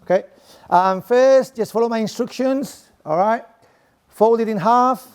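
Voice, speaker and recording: His voice very high-pitched yet darkish and clean, a middle-aged Spanish-accented professor speaks unhurriedly to a room of people at desks. The talk is playful, chatty and interactive, with frequent check-ins of "okay?".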